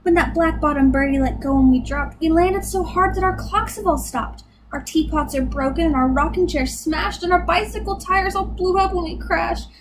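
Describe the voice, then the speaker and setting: A woman's voice: extremely high pitch, normal speed, hardly any pauses, noisy background, pitched above the performer's own voice. A woman voicing a tiny, grateful male mayor who speaks in a polite, eager way.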